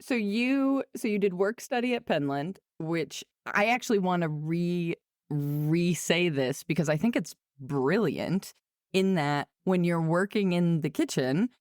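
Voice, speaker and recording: A woman from the Midwest hosts the conversation in a notably low voice, friendly and a little self-deprecating as she guides things back on topic. Her voice sits dry and close on the mic. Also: a little slow, darkish tone, no echo. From Midwest, United States. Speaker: podcast host. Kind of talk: interview conversation.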